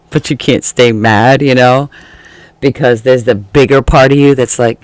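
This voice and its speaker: A man's voice: mid-range voice, normal speed, creaky, no echo. A man giving a casual tarot reading, chatty and laughing often, acting out the feelings he describes. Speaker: tarot reader.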